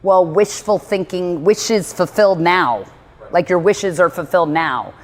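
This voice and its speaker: A woman's voice: on the low side, unhurried. A woman giving a casual motivational talk, rambling with lots of "like" and acting out her own inner dialogue. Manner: chatty, rambling, heavy use of "like". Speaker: motivational speaker on meditation. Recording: reverberant room.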